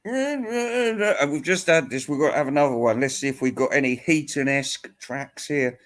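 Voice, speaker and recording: A man's voice: fairly high pitch, moderate pace, a bit bright. A man hosting a rambling comic monologue, ranting crudely and laughing at his own jokes. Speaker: host answering viewer questions.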